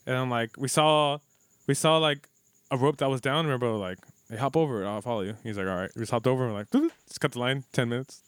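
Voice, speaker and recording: With a clear, resonant, fairly bright mid-range voice and no room sound, a podcast co-host talks fast in casual chat. His storytelling rambles and is full of curses, and he voices the quotes of the people involved.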